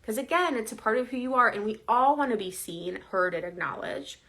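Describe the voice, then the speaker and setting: A woman's voice: a little high, expressive, a little fast, fairly bright tone. A woman coaching viewers in a casual, earnest, conversational way, often checking in with "right?". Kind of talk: casual direct-to-camera advice.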